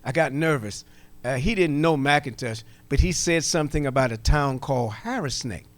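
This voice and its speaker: A middle-aged man from coastal Georgia with a Gullah Geechee Southern accent, telling folksy, animated stories in a workshop talk to a live audience. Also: mid-range voice, moderate pace. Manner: animated storyteller, folksy, jokes with the room. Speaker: workshop presenter. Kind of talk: storytelling lecture to a live audience.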